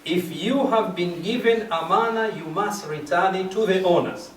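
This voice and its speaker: A man gives a religious lecture at a majlis, moving through verses step by step and repeating key phrases, in a high voice at a moderate pace. Recorded with a distant mic in an echoey mosque or community hall, the clip carries slight background noise.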